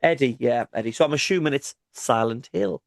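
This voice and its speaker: Guy, 30s, podcast co-host; wisecracking, average pitch, dry close mic. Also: expressive, brisk, vocal fry, dry recording. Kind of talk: casual banter.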